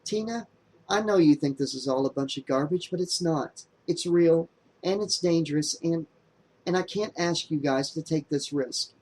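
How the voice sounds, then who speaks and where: A man voicing a quiet, earnest young woman. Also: fairly high pitch, normal speed, natural voice, rough recording. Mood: earnest, grave. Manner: soft and hushed, lightly raised voice. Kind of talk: audiobook character voice.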